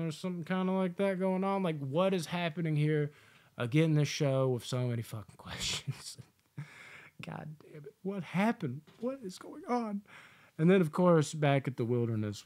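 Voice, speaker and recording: A man of ordinary pitch rambling through a TV episode review in an easy, unscripted way. He leans on fillers and swears freely. He often acts out quoted lines with his voice jumping higher. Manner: loose and profane, lots of "like", acts out quotes in a higher voice. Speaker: TV review host. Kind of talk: casual spoken episode review.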